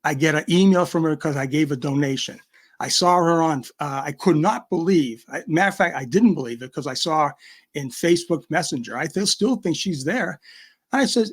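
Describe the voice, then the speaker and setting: This man has a slightly high voice with a breathy edge, lively intonation and a brisk pace, plus a Boston accent. He's a guest on a livestream call, ranting in heated bursts, combative and emphatic.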